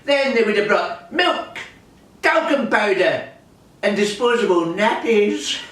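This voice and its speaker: Slow-talking Scottish man, comic compere. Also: very high voice, sing-song, a bit bright. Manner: grumbling miserly comic persona, chuckles often. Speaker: music hall compere. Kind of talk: comic stage patter. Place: old music hall. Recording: echoey hall from far off.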